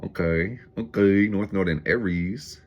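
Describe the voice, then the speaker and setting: A man's voice: rumbling low, moderate pace, darkish tone, slightly rough. A man casually reading tarot cards on his vlog, swearing freely and laughing often. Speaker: tarot reader vlogger.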